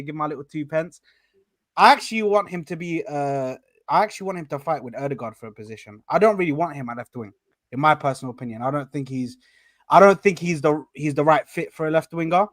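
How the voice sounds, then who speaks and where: A man giving his view as an Arsenal fan, excitable and boastful, full of slang and repeated "mate". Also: a little high, fast talker, dry recording. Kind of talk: casual football debate.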